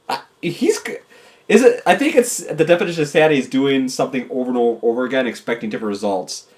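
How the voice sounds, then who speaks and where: A man giving casual, goofy commentary over a game, talking to and yelling at his virtual pets. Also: medium pitch, big pitch swings, fast. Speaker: gameplay commentator.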